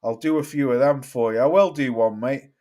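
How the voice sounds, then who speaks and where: A man's voice: mid-range voice, brisk, darkish tone. A man with a London accent hosting a casual live stream about boxing, answering viewers and swearing freely as he gives his opinions. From England. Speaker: boxing channel host.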